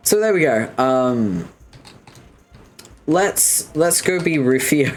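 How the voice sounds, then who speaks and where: A man's voice: fairly high pitch, sing-song, drawn-out words, pauses often, a little hiss or hum. A man hosting a casual read-along, making jokey, profane asides between lines. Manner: jokey, swearing, laughing asides. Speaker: let's-read host. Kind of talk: casual reading commentary.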